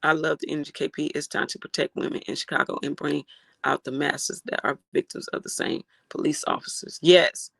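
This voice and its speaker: Gravelly, outraged livestream host. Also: mid-range voice, fairly quick, no echo. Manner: animated, outraged, swears freely. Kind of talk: livestream reaction commentary, reading chat.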